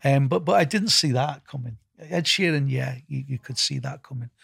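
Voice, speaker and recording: A man's voice: medium pitch, moderate pace, creaky, a bit bright, husky, dry recording, studio quality. A middle-aged man with a Liverpool accent answering interview questions in a rambling, casual way, repeating words and filling gaps with "you know". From England. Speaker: festival founder and music executive.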